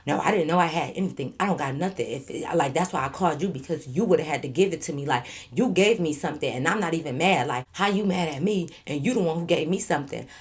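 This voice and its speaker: A woman's voice: low-pitched, lively intonation, fast talker, hardly any pauses. A pushy young man who pleads and wheedles, trying to win back an ex, as a woman relays his words in her storytime vlog. The voice stays close to her own everyday talk. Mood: pleading.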